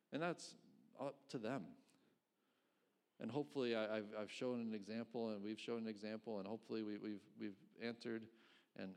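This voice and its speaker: A man's voice: lowish voice, darkish tone. A middle-aged man, a pastor, preaching a conversational sermon, asking rhetorical questions and chuckling between points.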